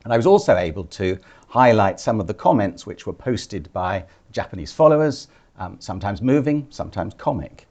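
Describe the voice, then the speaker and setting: Dry, understated wit runs through the anecdotes of an older British man, a former ambassador appearing as guest speaker. He keeps the public talk relaxed, his fairly low voice taking each story slowly.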